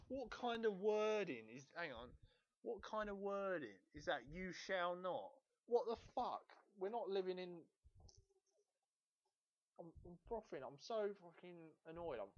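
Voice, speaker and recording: A man's voice: sits high, a little slow. Ranting, swearing man, lo-fi. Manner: exasperated, swears constantly, animated rant. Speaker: gaming video host. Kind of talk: profane ranting review. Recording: dull lo-fi home recording.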